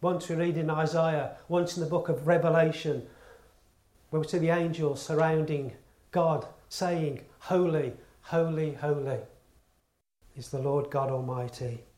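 A man's voice: a little high, steady tone, unhurried, a little mellow. A man preaching a sermon in earnest tones, stressing his points through repetition and rhetorical questions. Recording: echoey room.

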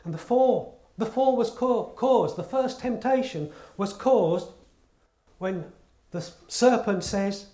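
A man's voice: sits high, takes it slowly, warm tone. A man preaching a sermon in earnest tones, stressing his points through repetition and rhetorical questions. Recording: echoey room.

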